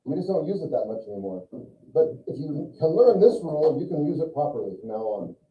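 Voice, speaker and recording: A male teacher lectures a class casually, keeping it conversational and putting questions to his students. His voice is a little high and fairly quick, with big pitch swings. The classroom recording sounds echoey, distant, and muffled.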